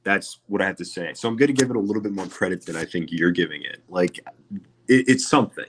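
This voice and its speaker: Low-voiced laid-back male co-host. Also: animated, fast, fairly bright tone, a little hiss or hum. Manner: hesitant, laughing, dismissive. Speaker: podcast co-host. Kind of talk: casual podcast chat.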